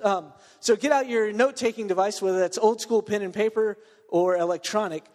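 A man's voice: high-pitched, brisk, few pauses, a little mellow. A man from Texas with a cold, giving a chatty, joking sermon to a student group, full of fillers and restarts. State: under the weather with a cold. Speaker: preacher. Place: large meeting room. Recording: long reverb in a large room.

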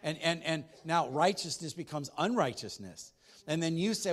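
High-voiced pastor preaching in a church. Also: male voice, expressive, moderate pace. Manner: chatty, rambling with many restarts and asides; swings from hushed storytelling to loud exhortation. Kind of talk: sermon.

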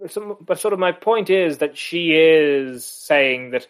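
A man's voice: a little high, expressive, normal speed. Rambling, chuckling male podcast host. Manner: rambling, with many restarts and chuckles. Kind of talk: casual literary discussion.

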